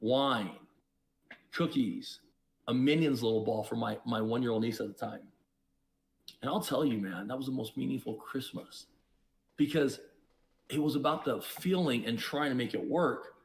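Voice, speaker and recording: A man who is a podcast guest, telling his own story in an emphatic, preachy way, with sudden jumps in pitch and loudness. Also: normal speed, long pauses, slight background noise. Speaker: podcast guest, investor and entrepreneur. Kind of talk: reflective storytelling.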